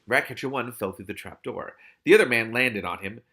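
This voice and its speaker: A man reading a novel aloud and breaking off to react with animated, exclaiming commentary. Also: mid-range voice, fairly quick, breathy edge. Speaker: book reader and commentator.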